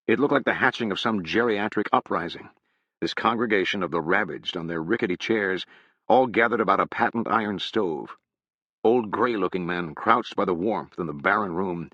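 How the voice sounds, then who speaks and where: Low-voiced man reading an audiobook. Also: sharp tone, dry recording. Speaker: audiobook narrator. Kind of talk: scripted narration. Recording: dull, dry sound.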